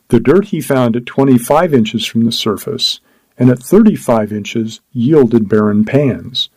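A man narrating a story as an audiobook, in a measured, steady reading. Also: medium pitch, slightly rough, no room sound, rough recording.

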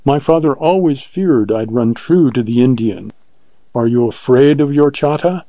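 A spirited young woman, put on by a male narrator, speaks with pride and lift in her voice. Her tone stays mellow and warm rather than bright. The reading has a slightly dull, lo-fi sound. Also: moderate pace, no echo, natural voice. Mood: defiant. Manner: raised, lilting pitch with a light tone. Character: proud, spirited young woman, a rancher's daughter.

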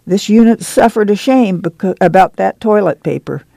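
A stern, commanding camp-leader woman with a rough, gravelly edge and a dark, dry tone, as a reader puts her on in a storybook reading. She scolds in a slow rural drawl, raised a little above the reader's own voice. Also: mid-range voice, lively intonation, no room sound, pitched above the performer's own voice. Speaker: reader doing character voices. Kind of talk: audiobook reading.

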